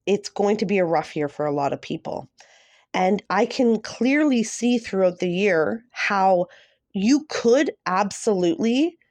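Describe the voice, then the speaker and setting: Woman tarot reader, mellow and dry, chatty and effusive. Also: fairly low pitch, no room sound. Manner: gushing and emotional, many fillers. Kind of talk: casual tarot reading to camera.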